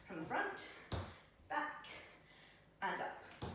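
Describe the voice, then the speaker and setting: Heard from a distance in a very echoey gym, a female trainer exercises alongside her class, slightly breathless as she cues moves and counts reps with encouragement. Her high voice is very slow, bright and forceful with big pitch swings, and there's a little hiss or hum.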